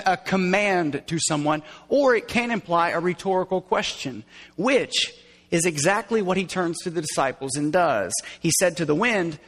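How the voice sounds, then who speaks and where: A male pastor with a high voice preaches a sermon in an animated way. He acts out quoted lines and sometimes drops to a hushed tone. His voice rings with the long reverb of a big church hall.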